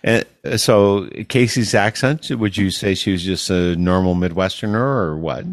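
A man's voice: deep voice, a little slow, dry recording. A man from Wisconsin hosting a casual radio interview with a musician, curious and chatty. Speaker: radio host.

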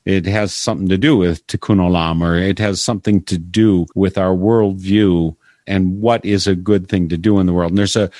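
A man hosting an interview, asking long, thoughtful questions in a measured way. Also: low voice, fairly even intonation, a little mellow, dry recording, studio quality. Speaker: interviewer, host.

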